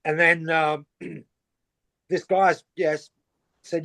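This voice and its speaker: On a podcast, a middle-aged Australian guest with a fairly high, creaky voice swaps surf-trip stories in relaxed, casual conversation. He grows more animated as he talks, acting out the people in his anecdotes with quick bursts of character voices.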